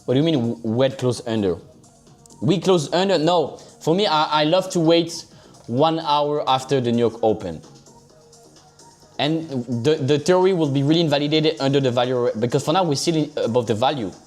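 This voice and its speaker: A man's voice: fairly high pitch, normal speed, a little mellow, faint music behind. A man casually commenting on trading charts to his live viewers, chatty and loose, swearing offhand and calling them guys and bro. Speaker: livestream crypto trader.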